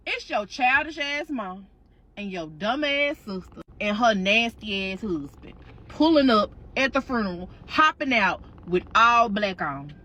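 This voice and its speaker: A woman with a high, bright voice tells a dramatic second-person storytime. Her pitch leaps all over the place. She is sassy, slangy and swears freely. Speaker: storytime creator.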